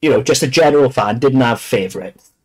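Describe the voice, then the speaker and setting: A man's voice: mid-range voice, lively intonation, a little fast, a little mellow, husky. A man co-hosting a casual motorsport podcast, blunt and teasing. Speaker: podcast co-host.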